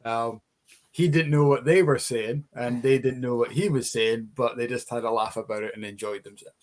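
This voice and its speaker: A man's voice: medium pitch, fairly even intonation, normal speed, a little mellow. A man, co-hosting a live chat and telling a rambling story full of restarts. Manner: rambling, with many fillers and restarts. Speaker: co-host, tour guide.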